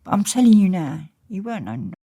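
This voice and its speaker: A woman's voice: medium pitch, big pitch swings, fast, warm tone. A woman with an Essex accent, an interview guest telling stories bluntly and swearing freely. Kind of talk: candid casual storytelling.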